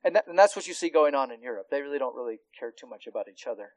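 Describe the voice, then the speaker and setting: A man preaching an expository sermon, teaching earnestly with rhetorical questions and frequent restarts, his voice swelling on key points and dropping to quiet asides. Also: medium pitch, lively intonation, rapid-fire, no echo, rough recording. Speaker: pastor.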